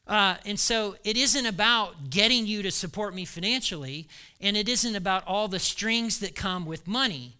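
A man preaching a sermon as pastor, animated, acting out quoted voices and laughing as he goes. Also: high-pitched, moderate pace, clear, resonant tone.

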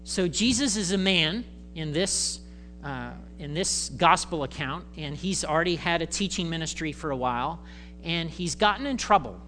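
A male pastor giving a conversational, animated sermon in church, acting out voices. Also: a little high, moderate pace, slight background noise.

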